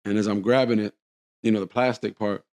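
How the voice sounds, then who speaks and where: A man's voice: lowish voice, steady tone, brisk, darkish tone, no echo. A man telling a long story on a casual podcast, acting out the quotes.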